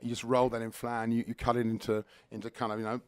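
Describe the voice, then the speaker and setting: A middle-aged man, a food critic on a radio studio interview, talking fast and with lots of enthusiasm. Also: mid-range voice, clear, resonant tone, dry recording. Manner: fast, enthusiastic, animated storytelling. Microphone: studio microphone.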